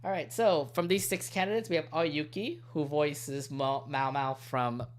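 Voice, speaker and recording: A man hosting a podcast in casual chat, animated and laughing often, stumbling over titles. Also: fairly high pitch, unhurried. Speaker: podcast host.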